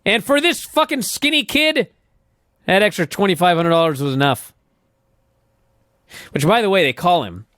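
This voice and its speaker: A man telling a wrestling story to his co-hosts, swearing freely and acting out every quote. His voice sits a little high and swings widely in pitch. The sound is dry and close. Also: normal speed, pauses often, no echo. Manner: animated storyteller, swears often, acts out quotes. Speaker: podcast co-host. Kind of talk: casual wrestling recap chat.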